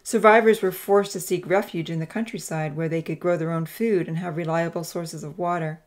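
A woman narrating a Christian novel in a measured, expressive reading voice. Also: fairly low pitch. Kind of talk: scripted audiobook narration.

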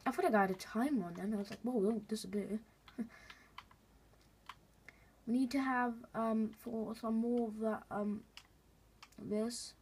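A woman's voice: on the high side, fairly even intonation, unhurried, pauses often, a little mellow, slight background noise. Chatty woman narrating her gameplay. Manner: chatty, rambling, talks to viewers while playing. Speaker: gaming video host. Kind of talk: casual gameplay commentary.

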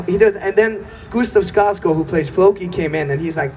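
Animated man telling a panel story. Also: sits high, normal speed, hardly any pauses, far from the mic, background noise. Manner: animated, slips into impressions. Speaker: convention panel guest. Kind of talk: casual storytelling on stage. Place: convention panel stage.

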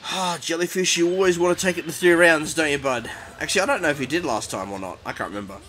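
A young man giving excitable, panicky commentary over his own fighting-game match, taunting his opponent. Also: a little high, fast, a little hiss or hum. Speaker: gaming YouTuber. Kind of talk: live gameplay commentary. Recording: game music behind voice.

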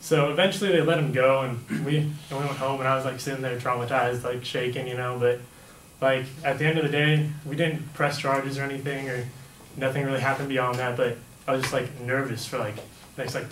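A man's voice: mid-range voice, steady tone, a little fast, fairly bright tone. A young man casually telling a personal story, rambling and filling his sentences with "like" and "right?". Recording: echoey room, mic at a distance, faint background hum.

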